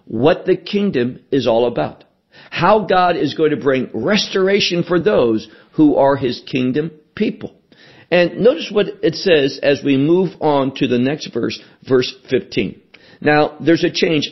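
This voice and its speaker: Slow, emphatic husky male preacher. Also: fairly high pitch, dull audio. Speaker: pastor. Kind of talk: sermon.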